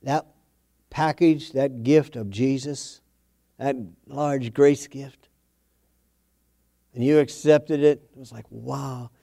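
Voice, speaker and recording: Folksy storytelling preacher, mellow man. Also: mid-range voice, fairly even intonation, slow, vocal fry, pauses often. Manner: folksy storytelling, repeats phrases for emphasis. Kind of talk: sermon.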